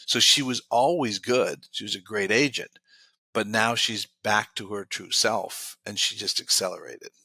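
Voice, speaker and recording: A man interviewed as a guest expert shares stories of successful clients, repeating many of their quoted lines. His voice is on the low side, bright, husky and forceful, his pace unhurried, with no echo on the recording.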